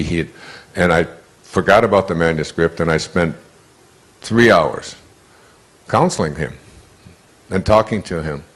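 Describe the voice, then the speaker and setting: An older man giving a motivational lecture, telling stories in a conversational way that often repeats and restarts words. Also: low voice. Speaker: motivational speaker. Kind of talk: storytelling lecture.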